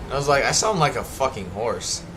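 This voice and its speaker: A young man chats his way through a game livestream, rambling and restarting his sentences as he goes. His voice sits in a middling pitch. A faint hiss of noise runs underneath. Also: big pitch swings, fairly quick. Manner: rambling, chatty, lots of fillers and self-corrections. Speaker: gaming streamer. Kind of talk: casual livestream commentary.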